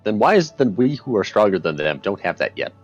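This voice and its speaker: Deep deadpan gamer guy. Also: fast, no room sound, highs cut off. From Canada. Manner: deadpan, literal. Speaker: let's play co-host. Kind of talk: casual gaming chat. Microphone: headset. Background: game music.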